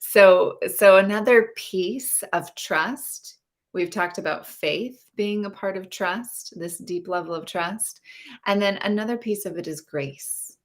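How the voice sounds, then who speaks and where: A woman's voice: medium pitch, slow pace. A woman coaching about relationships and intimacy in an earnest, spiritual way, speaking straight to viewers of a live stream.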